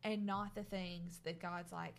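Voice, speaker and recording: A woman's voice: on the low side, fairly even intonation, measured pace, gravelly. Earnest woman co-hosting faith talk. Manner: earnest, encouraging, speaks to listeners. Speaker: podcast co-host.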